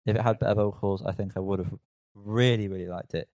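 A man leads a relaxed song review, stating blunt opinions and moving on to the next track. His voice is recorded dry and close, without any echo. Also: fairly low pitch, fast, lo-fi sound. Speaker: podcast co-host. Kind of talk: casual music review chat.

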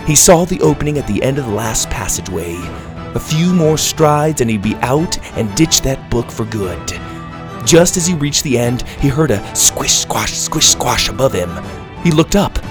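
A man narrating a children's adventure story aloud, expressive and reading aloud. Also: medium pitch.

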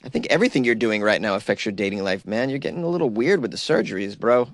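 A man's voice: fairly low pitch, expressive, fast, no echo, clean studio sound. A man hosting a podcast, giving loose comedic commentary, laughing often and mocking quotes in silly voices. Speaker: podcast host.

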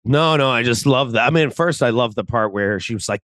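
Animated man, podcast co-host. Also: medium pitch, brisk, no room sound, clean studio sound. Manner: animated, acts out quotes, laughs. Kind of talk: casual chat about a TV show.

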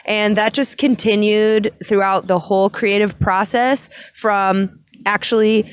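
Excited woman musician talking about her band, quick bursts, mid pitch. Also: smooth. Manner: enthusiastic, talks in quick bursts. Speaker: band singer. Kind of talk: casual interview.

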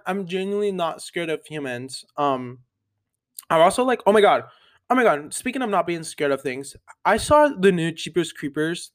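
A nineteen-year-old man hosting a solo podcast, rambling casually with lots of fillers in an animated, upbeat way. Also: high-pitched. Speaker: podcast host.

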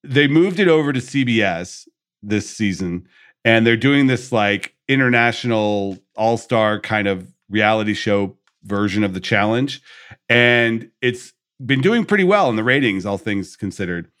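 A man's voice: lowish voice, measured pace. A man hosting a podcast, chatting casually and ranting with playful mock outrage. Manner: animated, rants with mock outrage and acted quotes. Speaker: podcast host. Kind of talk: casual chat.

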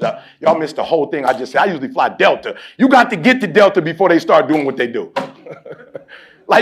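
High-pitched man preaching motivation. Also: a bit bright. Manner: preachy, repetitive call-and-response, folksy storytelling. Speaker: motivational speaker addressing a team. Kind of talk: animated motivational speech with storytelling.

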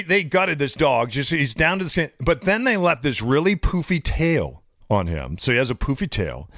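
A man's voice: mid-range voice, a bit bright, no echo, clean studio sound. A man in his fifties, a podcast co-host rambling through a story in casual chat and acting out the quotes. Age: 50s.

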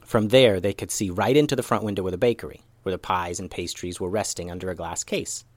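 A man narrating a children's story in an expressive, animated reading. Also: sits low, fast, dry recording.

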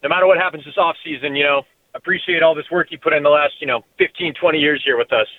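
A man's voice: fairly high pitch, quick pace, no room sound. A man calling in to a sports radio show, casual and laid-back, with lots of "you know" and "man.". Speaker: caller. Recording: tinny phone line.

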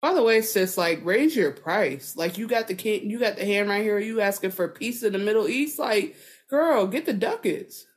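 A woman's voice: mid-range voice, lively intonation, a little fast, hardly any pauses. A woman co-hosting a podcast, chatting casually in a rambling, profane way full of filler words. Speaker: podcast co-host. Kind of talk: casual chat.

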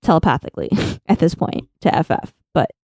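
A woman co-hosting a casual chat, retelling scenes with lively quoted lines. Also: sits low, brisk, slightly rough, no echo, studio quality. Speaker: podcast co-host. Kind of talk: casual chat recapping an anime.

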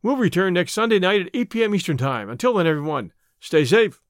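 A man reading a classic mystery aloud as narrator and podcast host, with a lively, dramatic delivery that changes pitch for each character. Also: a little fast, dry recording, clean studio sound. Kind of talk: audiobook reading with character voices.

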